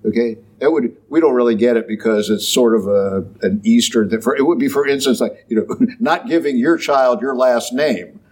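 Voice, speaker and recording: A man's voice: medium pitch, normal speed, few pauses, darkish tone, breathy edge. A man preaching a sermon in a conversational way, often checking in with "okay?" and briefly acting out the people he quotes. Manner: conversational, acts out quoted voices, frequent "okay?" and "yeah?".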